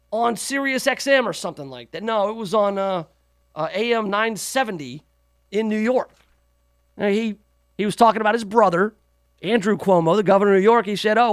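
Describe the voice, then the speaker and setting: A man's voice: high voice, no echo, studio quality. A man hosting a talk radio show, giving sarcastic, mocking political commentary.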